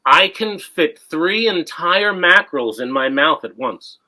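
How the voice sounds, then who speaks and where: A man playing as a comedian panelist on a comedy game show, delivering punchlines in a deadpan way. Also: fairly high pitch, unhurried.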